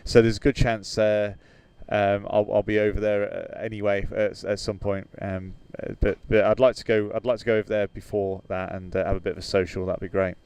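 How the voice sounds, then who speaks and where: A man's voice: fairly low pitch, level tone, fairly quick, few pauses, a little mellow, clear, resonant tone. A British man hosting a flight sim livestream in casual chat, hesitant with many fillers, reading out viewer comments and laughing easily.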